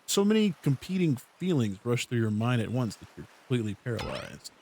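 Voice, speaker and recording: A man's voice: medium pitch, very animated, brisk, a little mellow, slight background noise. A young man hosting a let's play, reading the game's text aloud with jokes and laughing often. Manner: playful, laughs between lines.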